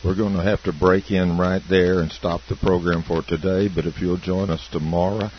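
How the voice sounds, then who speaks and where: A man hosting a program, closing the broadcast with steady, measured announcements. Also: deep voice. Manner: steady, measured announcing, reading out contact details slowly. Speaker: program host. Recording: dull broadcast audio with faint hiss.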